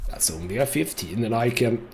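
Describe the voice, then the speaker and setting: Wry, lively gaming commentator. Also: male voice, mid-range voice, moderate pace, a little hiss or hum. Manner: chatty, wry, laughs often. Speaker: gaming host. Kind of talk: let's play commentary.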